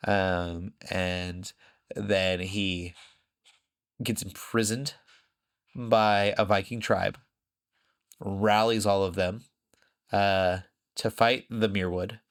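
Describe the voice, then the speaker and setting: A man's voice: on the low side, level tone, extremely slow, pauses often, clean tone. A man co-hosting a podcast in casual chat, rambling with lots of fillers and frequent laughs. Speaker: podcast co-host.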